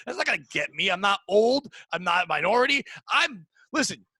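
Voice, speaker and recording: A middle-aged man talks in a high, bright voice, recorded dry and close. He hosts a podcast and vents in a blunt, profane, rapid rush. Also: very animated, no echo, low-quality recording. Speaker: podcast host. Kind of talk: casual chat. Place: home room.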